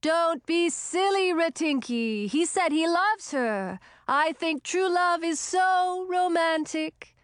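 A woman voicing a loud, excitable young female witch in a storybook, gushing and drawing out her words. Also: very high-pitched, dry recording, clean studio sound, pitched above the performer's own voice, exaggerated voice. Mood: dreamy. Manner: gushing, drawn-out.

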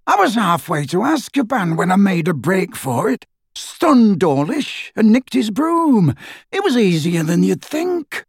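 Dirk: a reader playing a brisk, boastful fugitive wizard. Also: mid-range voice, sing-song, husky, no room sound, studio quality, voice pushed up, exaggerated voice. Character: gruff adult wizard on the run, dry humor. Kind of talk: audiobook character voice.

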